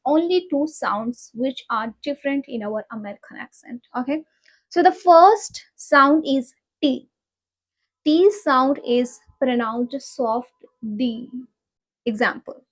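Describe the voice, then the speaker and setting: A young woman with an Indian accent teaching pronunciation in a casual vlog, repeating practice words slowly in a coaching tone. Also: a little high. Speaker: accent-learning vlogger.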